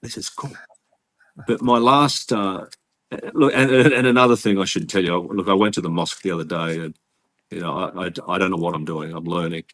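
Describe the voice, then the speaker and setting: A man with an Australian accent, a guest in an interview, telling his story earnestly and haltingly with many restarts. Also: deep voice, fairly even intonation, fairly bright tone. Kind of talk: casual interview conversation.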